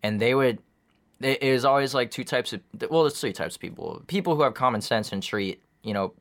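A man's voice: mid-range voice, expressive, brisk. A young man in his twenties in casual chat, rambling with lots of fillers and some swearing. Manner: rambling, profane, many fillers.

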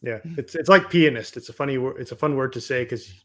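A man from Canada co-hosting a casual film review podcast, measured with a wry, deadpan humor. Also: mid-range voice. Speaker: podcast co-host.

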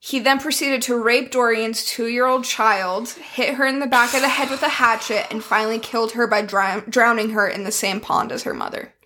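A woman co-hosting a true-crime podcast, bluntly walking through a case with a lot of swearing and slowing down for the grim details. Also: a little high, steady tone, sharp tone. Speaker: podcast co-host telling the case.

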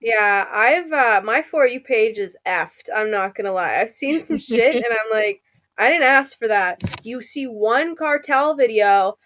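A woman's voice: on the high side, expressive, a little slow, hardly any pauses, fairly bright tone. A woman in her twenties co-hosting a casual podcast chat. She laughs often and slips into joking put-on accents. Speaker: podcast co-host.

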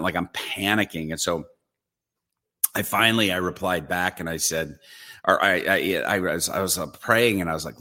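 Evangelist guest, male, very low voice; animated storyteller who acts out the scenes. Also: moderate pace. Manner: lively storyteller acting out his own reactions. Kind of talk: storytelling in a podcast interview.

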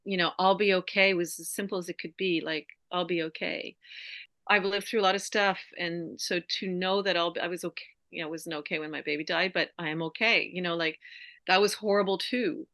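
Woman, yoga teacher, middle-aged, bright tone, earnest, reflective, dry sound. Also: fairly low pitch, fairly even intonation, brisk, no room sound. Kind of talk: conversational interview.

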